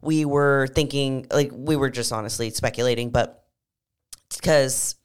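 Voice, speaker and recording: A woman's voice: very deep voice, steady tone, a little slow, clean tone. A young adult woman co-hosting a podcast, chatting casually and animatedly with lots of filler words. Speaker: podcast co-host. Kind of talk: casual chat.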